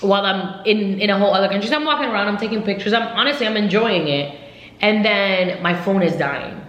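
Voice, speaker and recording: A young woman chats loosely through a travel story and keeps dropping fillers as she goes. Her voice sits at an ordinary middle pitch for a woman. The room around her is noticeably roomy and echoey. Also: fast. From United States. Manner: rambling, filler-heavy, lively retelling. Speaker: vlogger. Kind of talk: casual storytime chat. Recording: roomy echo.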